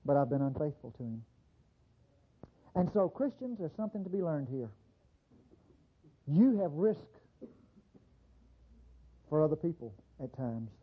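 Lively husky-voiced preacher man. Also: a little high, unhurried, pauses often, muffled recording. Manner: animated preaching with mock voices. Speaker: pastor. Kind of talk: sermon.

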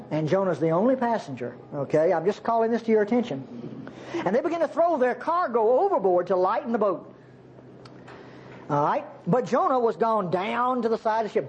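A man preaching a sermon, teaching the Bible in a folksy, chuckling way. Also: very high-pitched. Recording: dull lo-fi sermon recording.

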